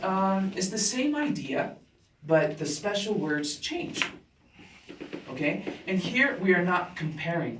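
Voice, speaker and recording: A male teacher giving a classroom grammar lesson, talking slowly and deliberately and checking in with students after nearly every point. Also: a little high, slight background noise. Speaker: English teacher. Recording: roomy classroom sound from a distant mic.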